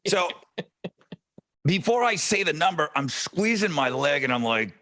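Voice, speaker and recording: A man's voice: on the high side, unhurried. A man co-hosting a podcast in casual chat, telling stories with plenty of swearing. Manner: animated storyteller, swears freely. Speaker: podcast co-host; radio host.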